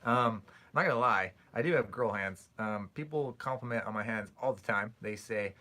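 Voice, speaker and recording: This livestream host is a young man with a Canadian accent whose voice sits on the low side and moves briskly. Chatty and joking, he reads comments out loud and livens up when sharing stories.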